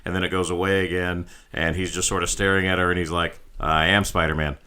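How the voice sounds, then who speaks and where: Man, deep voice, bright tone, podcast co-host, animated movie recap. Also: fast, smooth. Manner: animated retelling, acts out characters' lines. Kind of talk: casual movie review chat.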